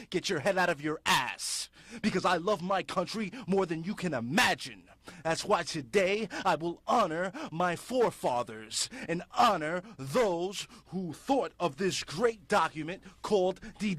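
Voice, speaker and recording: Guy ranting hard on his public access show, kinda high voice, dry close sound. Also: fairly bright tone, no room sound. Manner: fiery, ranting, emphatic. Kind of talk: impassioned political commentary.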